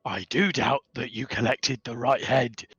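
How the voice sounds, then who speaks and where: A man's voice: mid-range voice, animated, measured pace, vocal fry, sharp tone, highs cut off, full character voice. A man voicing a stout, fussy male goblin middle manager who is chummy and bureaucratic. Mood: exasperated. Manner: chummy, bureaucratic, calls everyone lads.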